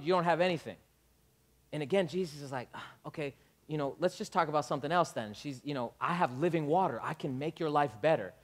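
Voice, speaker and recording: Man, pastor, high voice, animated sermon, acts out dialogue, shouts at peaks. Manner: animated preaching with acted-out dialogue; builds to shouting at climaxes.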